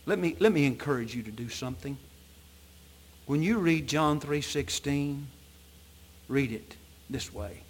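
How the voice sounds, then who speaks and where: Slow, emphatic preacher man. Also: lively intonation, husky. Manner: emphatic, swelling to loud peaks then dropping low and soft; reads scripture in old-fashioned wording. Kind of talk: sermon. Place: church sanctuary at an evening service.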